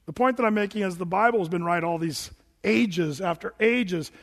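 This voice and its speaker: High-voiced man preaching in a reverberant hall. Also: moderate pace. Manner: animated, emphatic preaching with quoted asides. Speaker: pastor. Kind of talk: sermon.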